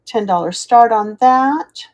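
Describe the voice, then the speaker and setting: A woman's voice: fairly high pitch, slow pace, darkish tone. A middle-aged woman chatting as she sells vintage items on a live stream, thanking viewers by name. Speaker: live auction seller. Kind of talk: live-stream selling chat.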